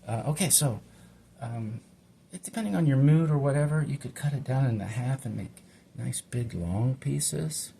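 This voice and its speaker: Middle-aged male home cook, chatty and meandering, gravelly tone, faint background noise. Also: medium pitch, expressive, normal speed, mellow. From Hawaii. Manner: chatty, meandering, talks to himself while working. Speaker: home cook and channel host. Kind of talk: rambling casual cooking vlog.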